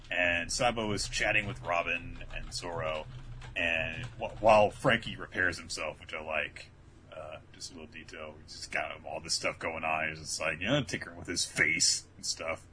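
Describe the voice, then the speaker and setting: Deep-voiced and a little slow, this man co-hosts a casual podcast, and a slight hiss or hum can be heard. He gives an energetic anime episode rundown, loudly performing the characters' dialogue as he goes.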